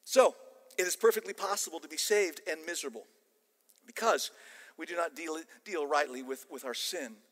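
An older man with an American accent preaching a sermon, animated and emphatic with casual asides. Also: a little high, moderate pace. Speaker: pastor. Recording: long church-hall reverb.

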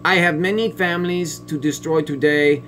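A man playing a smug, biased female family court judge in a satirical sketch, talking in a pompous, condescending way with drawn-out sneering pauses. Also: a little high, steady tone, a bit bright, slight background noise, lightly acted. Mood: sneering contempt. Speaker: comedic sketch performer.

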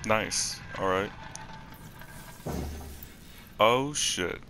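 A young man doing let's play commentary on a horror game, excitable and profane, talking to his viewers and yelping when startled. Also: lowish voice, drawn-out words, slight background noise. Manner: talks to the viewers. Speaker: gaming streamer.

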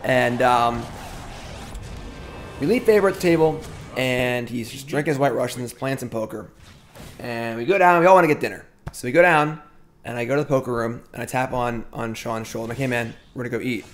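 A man's voice: medium pitch, a little fast, a little hiss or hum. Chatty man streaming a card game. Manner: chatty, rambling, self-interrupting. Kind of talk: casual storytelling while gaming.

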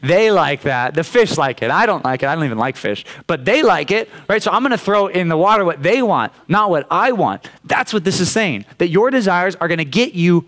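In a church youth room, a young Californian youth pastor gives an informal sermon to his group, his high, fairly bright voice animated and fairly quick with hardly any pauses. He keeps things conversational, repeatedly checking in with "right?"

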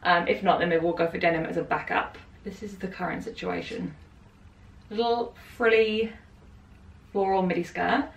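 A woman's voice: on the low side, steady tone, normal speed, vocal fry, distant mic. Chatty young woman, roomy and off-mic. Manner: chatty, lots of "like" fillers, laughing often. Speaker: vlogger styling her friend. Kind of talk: casual chat. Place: indoors at home by a wardrobe. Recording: roomy, off-mic, faint room hum.

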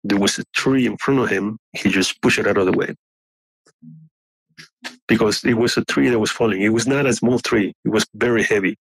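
A man whose first language is not English, earnestly telling his story with halting restarts and frequent throat clearing. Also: on the low side, dry recording, rough recording. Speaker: guest telling an encounter story.

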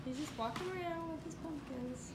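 A young woman vlogging casually at her parents' house, chatting and calling out excitedly to her toddler and dog. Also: high voice, moderate pace, reverberant, very noisy. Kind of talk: casual home vlog.

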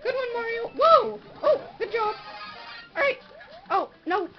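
A young woman playing a jumpy sidekick brother during a game, shrieking and chattering excitedly. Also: very high-pitched, unhurried, faint music behind, heavily acted. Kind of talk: goofy game commentary in character. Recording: dull lo-fi audio.

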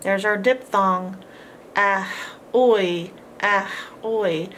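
A woman teaches a homeschool phonics lesson at an extremely slow pace, stretching and repeating each sound. She praises the listener warmly between words. A faint background hiss runs under her voice. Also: medium pitch.

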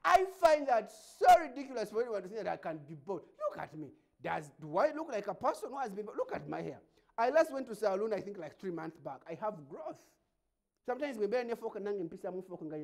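A Ugandan man with a Ugandan English accent riffs through a comedic monologue as host. His pitch leaps around a lot and there is a gravelly fry in his voice. He laughs often and keeps a mocking edge. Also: darkish tone. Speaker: show host.

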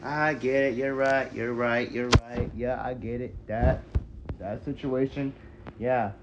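A man's voice: medium pitch, fairly even intonation, dull audio, background noise. A man in a self-dialogue skit, frustrated and swearing, breaking off and restarting his sentences. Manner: frustrated, profane, halting restarts. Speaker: skit creator.

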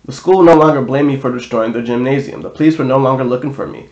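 A man's voice: mid-range voice, fast talker, darkish tone, lo-fi sound. A man reading a novel aloud in a casual way, now and then correcting himself. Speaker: audiobook reader. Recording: roomy echo.

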